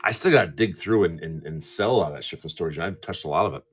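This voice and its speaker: A man's voice: deep voice, expressive, fast, breathy edge. A middle-aged man chatting casually and profanely on a card-opening live stream, rambling and laughing easily. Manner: rambling with frequent restarts.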